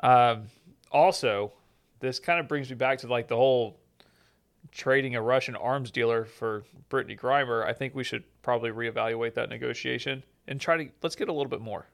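A man's voice: mid-range voice, steady tone, moderate pace, creaky. A man hosting a casual podcast, joking and sarcastic as he chats. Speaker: podcast host and immigration lawyer.

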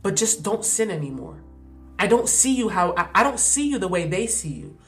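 A young woman hosting a podcast, sharing a casual, heartfelt devotional reflection with slang and emphatic repeats, her voice going a bit hoarse. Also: mid-range voice, sing-song, moderate pace, faint music behind. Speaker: podcast host.

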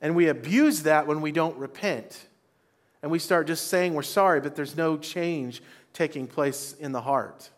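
A man's voice: on the high side, measured pace. Man preaching a call-and-response sermon. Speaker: pastor. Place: church before a congregation.

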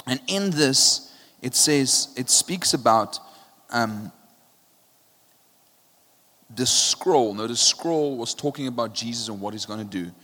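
A male pastor preaching a passionate sermon, his voice swinging from quiet and low to loud, often checking in with "right?". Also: animated, slow. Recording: long hall reverb.

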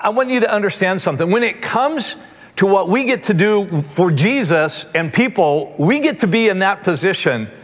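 A man's voice: sits high, a bit bright, in a large hall. A man preaching a sermon, telling a story animatedly with quoted voices. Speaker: pastor.

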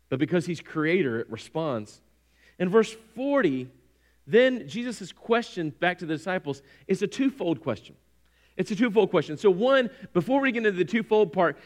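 A man preaching a sermon, animated and conversational, acting out quoted voices. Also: high-pitched. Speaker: pastor.

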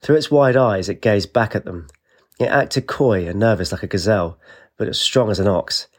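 A man, narrating an audiobook with steady storytelling. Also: fairly low pitch, moderate pace.

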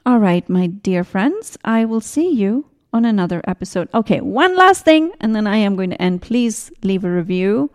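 A woman in her forties hosting a spiritual podcast, talking gently in a rambling way with tangents and restarts. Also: medium pitch, very animated, moderate pace, hardly any pauses. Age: 40s. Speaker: podcast host. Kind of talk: casual spiritual podcast talk.

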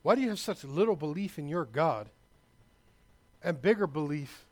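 A male pastor preaching a sermon, emphatic and loud, with asides to the congregation. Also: on the high side, lively intonation, normal speed.

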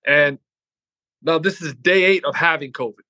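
A man's voice: fairly high pitch, moderate pace, pushed and bright, no echo. A man who is a firefighter hosts a podcast interview and asks probing questions, often restarting and repeating words.

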